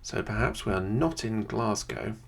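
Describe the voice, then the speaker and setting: Chatty, slightly low-voiced man. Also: animated, normal speed, gravelly, slightly rough. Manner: thinks aloud, chatty, many "um"s. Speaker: video creator playing a geography game. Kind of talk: casual gameplay commentary. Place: quiet home room with a computer under the desk.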